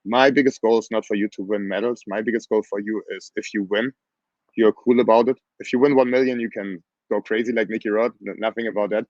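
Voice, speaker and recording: A man coaching grappling, talking bluntly and with energy in a casual interview, his voice hoarse from screaming. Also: fairly low pitch, fast talker, no room sound, highs cut off. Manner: animated, blunt, plain phrasing.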